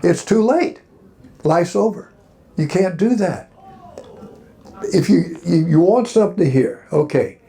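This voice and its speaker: With long pauses and a slightly slow delivery, an older Alabama man tells wandering, folksy stories at a convention panel Q&A in a hotel, urging the crowd on. His high-pitched voice is warm and creaky, with lively intonation.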